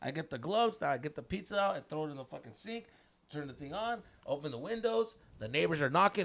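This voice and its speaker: A man's voice: a little high, expressive, quick pace, gravelly, fairly bright tone. A man in his thirties telling a wild story on a casual podcast, slangy, swearing often and mixing in Spanish words.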